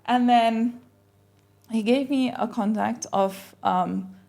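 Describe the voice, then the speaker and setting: A young woman, a podcast guest, telling a personal story in a casual, animated way and acting out the conversations she recalls. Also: a little high, slow, gravelly. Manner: animated, acts out quoted exchanges.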